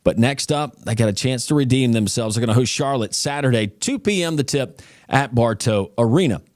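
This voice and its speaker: A man's voice: medium pitch, lively intonation, fairly quick, darkish tone, no echo, clean studio sound. A man hosting a sports podcast, reading a punchy news roundup and then interviewing a coach in an upbeat announcer style.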